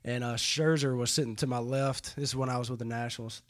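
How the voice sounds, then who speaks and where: A mid-pitched man tells a story in a relaxed interview, stacking fillers and restarting his sentences. His telling is loose and animated. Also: quick pace. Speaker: guest, professional baseball player.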